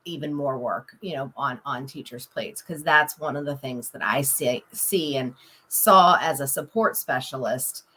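A woman's voice: extremely low pitch, a little slow, fairly bright tone, slightly rough. A woman co-hosting a podcast, a former support specialist, speaking in an agreeable, thoughtful way. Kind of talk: casual chat.

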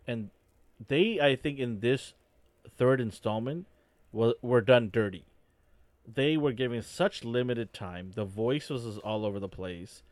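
A man's voice: mid-range voice, no room sound. A man in a casual fan discussion, opinionated and rambling as he builds his points.

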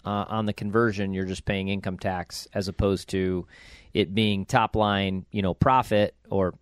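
Chatty low-voiced man hosting. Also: fairly even intonation, measured pace, smooth, no room sound, clean studio sound. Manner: chatty, upbeat, lots of fillers. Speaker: podcast host. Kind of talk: casual finance podcast chat.

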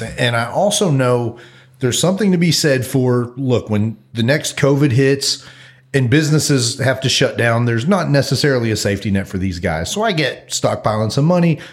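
Male podcast co-host, measured and hedging, thinks aloud. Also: medium pitch. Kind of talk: casual chat.

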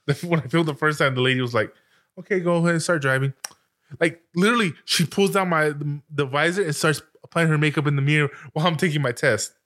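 A man's voice: a little high, fast talker, few pauses, fairly bright tone. A young man co-hosting a casual podcast, talking in a crude, chatty way. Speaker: podcast co-host. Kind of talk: casual chat.

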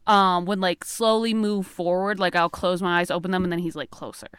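A young woman telling a ghost story in casual chat, rambling and animated with lots of fillers, recorded in a small closet. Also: fairly low pitch, a little fast, smooth, no room sound, studio quality.

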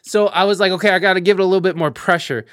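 A young man live streaming, telling a story in a casual, animated way with lots of swearing, fillers and restarts. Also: high-pitched, rapid-fire, no room sound, studio quality.

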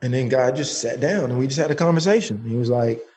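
A man telling a personal story in casual, slangy speech, animated and full of swearing, as a guest. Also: mid-range voice, fast talker.

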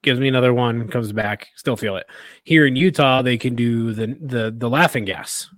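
A man co-hosting a podcast, telling a story in a casual, animated, rambling way full of restarts and laughter. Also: medium pitch, moderate pace, no room sound. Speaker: podcast co-host.

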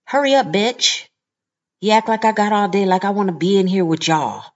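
A woman voicing a rude, foul-mouthed woman shopper who taunts and curses loudly. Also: lowish voice, lively intonation, moderate pace, lo-fi sound. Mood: impatient. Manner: brash, cursing, taunting.

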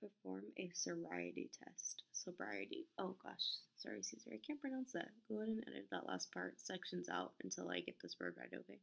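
A woman's voice: medium pitch, wildly swooping pitch, a little fast, vocal fry, hardly any pauses. A woman hosting a casual podcast, stumbling over her words, correcting herself and apologizing into a desk microphone. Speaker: podcast host. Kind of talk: casual podcast narration with outtakes.

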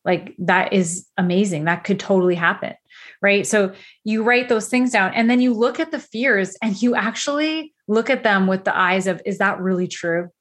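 Woman coach talking straight, energetic and blunt, lots of "like" and "you know". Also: mid-range voice, moderate pace. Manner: candid, energetic, frequent fillers. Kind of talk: motivational talk.

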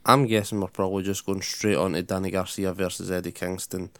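A man with a low voice gives a blunt, sweary play-by-play recap. His voice sounds dry and close, with no room around it. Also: level tone, a little fast, no echo. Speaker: podcast co-host recapping matches. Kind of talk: casual recap.

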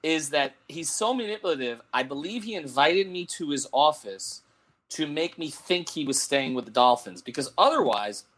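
A middle-aged man telling a long anecdote in casual talk-show chat, animated and laughing, with many restarts. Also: on the high side, moderate pace. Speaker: sports columnist and show host.

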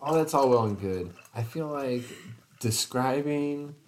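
A man's voice: medium pitch, expressive, a little slow. A man who is a guest on a book podcast, chatting casually and reacting with dry disbelief. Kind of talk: casual chat.

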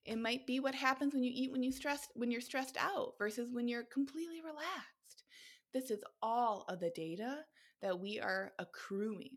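A woman's voice: on the high side, moderate pace. Emphatic, swearing woman podcast host. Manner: energetic, emphatic, swears freely, frequent laughs. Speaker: podcast host, nutrition coach. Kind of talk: motivational podcast monologue.

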